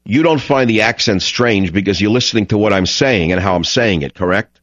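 A man's voice: lowish voice, brisk, a bit bright, no room sound, lo-fi sound. A middle-aged man with a New York accent hosting a call-in radio show, talking in a direct, opinionated way and restarting his words. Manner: direct, opinionated, repeats words when starting. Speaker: radio talk show host.

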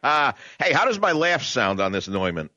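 A man's voice: medium pitch, very animated, normal speed, sharp tone, lo-fi sound, a little hiss or hum. A man with a New York accent hosting a talk radio show, brash and conversational, drawing out words for emphasis in a studio. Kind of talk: opinionated talk radio monologue. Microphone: studio condenser microphone.

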